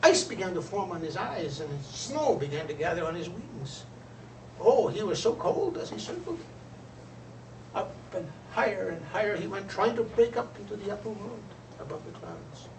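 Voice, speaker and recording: A man telling a traditional folk tale aloud in an expressive storyteller's manner. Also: high-pitched, moderate pace, slight background noise. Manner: expressive, lively voices for characters. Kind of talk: oral storytelling. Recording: roomy, distant, faint ambience.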